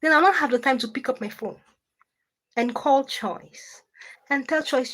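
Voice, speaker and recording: A woman hosting a livestream, reading comments and answering with animated, indignant repetition. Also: high-pitched, unhurried. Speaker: livestream host.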